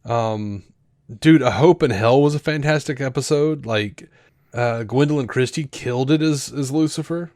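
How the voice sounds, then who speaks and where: A man in casual podcast chat, at an average pitch for a man, recorded close and dry. He rambles along with fillers and restarts and breaks into animated acted-out quotes as he retells scenes. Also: normal speed, no echo. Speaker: podcast co-host.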